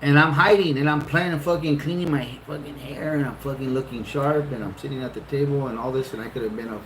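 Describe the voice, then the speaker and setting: A middle-aged man casually telling a long, funny story, swearing freely and jumping up in pitch for retold lines. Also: fast, background noise. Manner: animated, profane, laughing often, jumps into high-pitched retellings. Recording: roomy echo.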